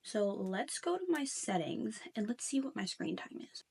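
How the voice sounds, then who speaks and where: A woman's voice: mid-range voice, sing-song, normal speed, creaky, darkish tone, breathy edge. Young woman rambling casually to camera for her vlog, lots of likes and ums. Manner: chatty, lots of "like" fillers. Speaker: reading vlogger.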